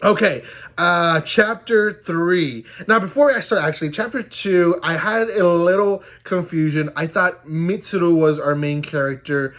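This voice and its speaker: A man's voice: high-pitched, a little slow, fairly bright tone. A young man reviewing a manga chapter in a casual, rambling recap.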